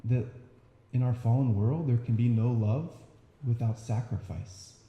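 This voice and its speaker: A young man giving an earnest, animated faith talk to an audience, often acting out quotes. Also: medium pitch, a little slow, reverberant, lo-fi sound. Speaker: speaker.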